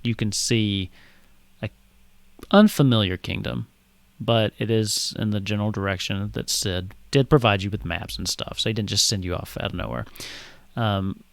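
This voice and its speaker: A man's voice: on the low side, steady tone, moderate pace, vocal fry, a bit bright, dry recording. Rambling male game master, dry sound. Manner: loose, rambling narration with fillers. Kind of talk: narrating a tabletop game.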